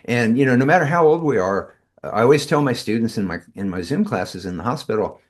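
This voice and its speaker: A man's voice: medium pitch, animated, fairly quick, hardly any pauses. A man, a tai chi teacher, telling rambling stories as a guest in a casual interview, with many fillers and restarts.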